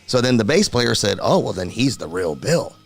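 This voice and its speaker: A middle-aged man from Texas, a metal singer telling stories in casual podcast chat, animated and acting out the voices of others. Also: fairly low pitch, normal speed, gravelly, slightly rough, soft background music. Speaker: guest, heavy metal singer.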